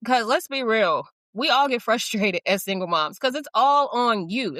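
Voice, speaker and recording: Bright, candid middle-aged woman host. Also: on the high side, lively intonation, normal speed, hardly any pauses, no echo. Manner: candid, self-deprecating, chatty with frequent likes and you-knows. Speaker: podcast host. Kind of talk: casual podcast chat.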